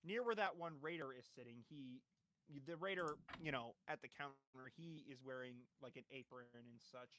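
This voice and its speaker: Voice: medium pitch, a little fast, fairly bright tone. A game master narrating a tabletop game, describing finds loosely with fillers. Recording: noisy background.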